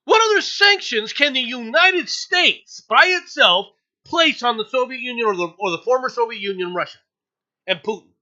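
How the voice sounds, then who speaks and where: A man's voice: very high-pitched, expressive, moderate pace, bright, forceful tone. A man hosting an opinionated news commentary, ranting angrily with profanity and frequent stammered restarts. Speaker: show host. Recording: dull lo-fi audio.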